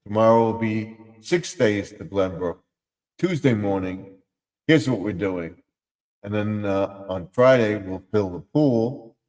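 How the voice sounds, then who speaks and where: Low-voiced man rambling on a live stream. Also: lively intonation, takes it slowly, a little mellow, big-room sound. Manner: rambling, trying out silly voices. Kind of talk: casual live stream chat.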